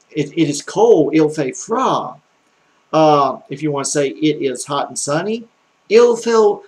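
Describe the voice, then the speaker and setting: A man with a Southern US accent giving a casual, rambling home-made French lesson, with lots of "uh" fillers and slow, drawn-out French words. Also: fairly high pitch, vocal fry. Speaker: amateur French teacher.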